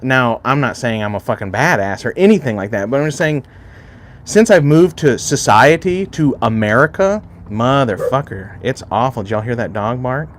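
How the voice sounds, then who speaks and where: A man's voice: medium pitch, expressive, normal speed, slight background noise. Male streamer raised in Alaska, mid-range voice, loose rambling chat full of cursing, addressing viewers directly. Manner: rambling and heavily profane, chatting directly to viewers. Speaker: livestream host. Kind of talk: casual livestream chat with viewers.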